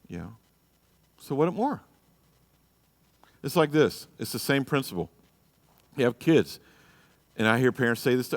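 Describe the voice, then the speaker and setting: A man pastor teaches a live marriage class in a church, blunt and exhorting as he presses the men in the room. His voice sits at an ordinary middle pitch. He peppers his talk with "you know" and "okay?". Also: very animated, measured pace, long pauses, long reverb tail. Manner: acts out quoted people in a raised voice.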